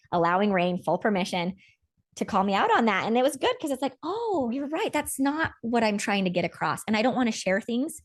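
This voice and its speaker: A woman hosting a casual spiritual chat, talking in an earnest, rambling way about feelings and growth. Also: on the low side. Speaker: podcast host.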